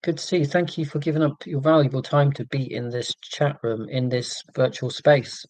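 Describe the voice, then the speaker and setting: Male livestream host, chatty and rambling, full of ums, mid-pitched, dry close sound. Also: fairly even intonation, normal speed, darkish tone, no room sound. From Scotland. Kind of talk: casual livestream chat with viewers.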